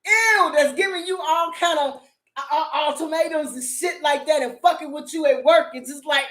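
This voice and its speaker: A woman's voice: high voice, moderate pace, fairly bright tone, roomy sound. A middle-aged woman rants sassily and profanely about a drama, laughing as she goes. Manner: profane, sassy, laughing asides. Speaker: vlogger reviewing a drama. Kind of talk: animated casual rant.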